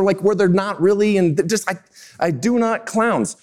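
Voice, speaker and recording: Male keynote speaker, 50s, slightly high voice, lively self-deprecating storyteller. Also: moderate pace. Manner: animated, self-mocking storyteller who acts out scenes. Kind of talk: keynote-style storytelling talk.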